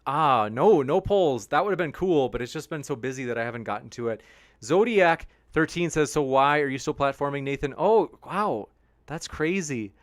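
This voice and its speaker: A young man hosts a debate channel livestream, reading viewer comments aloud and answering them, putting on sarcastic, mocking voices for his critics. His voice is a little high and animated at a normal speed, captured with clean studio sound and no room sound.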